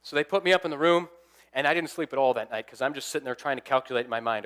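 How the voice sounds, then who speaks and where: A young man preaching from the pulpit, his voice sitting at an ordinary middle pitch. He tells a personal story in a lively way and acts out the other people's lines as he goes. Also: fast. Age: young adult. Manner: animated storyteller acting out quoted dialogue. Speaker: assistant pastor. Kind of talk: storytelling sermon.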